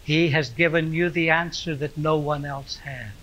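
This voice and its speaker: A pastor voicing Jesus, speaking quietly and slowly in a sermon monologue. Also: male voice, a little high, steady tone, slight background noise, voice pushed down, close to an everyday voice, rough recording. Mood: blessing. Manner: quiet, slow and gentle. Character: Jesus, a gentle, quiet-spoken teacher.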